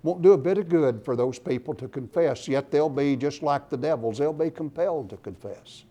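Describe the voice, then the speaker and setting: A man's voice: on the high side, normal speed. A man preaching a sermon, reading scripture aloud and pressing his points with emphasis. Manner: emphatic, rising loud on scripture and lists.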